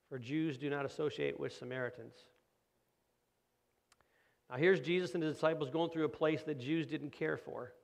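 Gravelly-voiced man preaching a sermon. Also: on the high side, steady tone, moderate pace, pauses often. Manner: conversational preaching with rhetorical questions; acts out quoted voices of kids and parents. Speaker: pastor.

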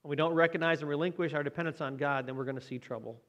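A man's voice: on the high side, steady tone, very fast, fairly bright tone, lo-fi sound. Man preaching with rhetorical questions. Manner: conversational, frequent rhetorical tag questions. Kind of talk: sermon.

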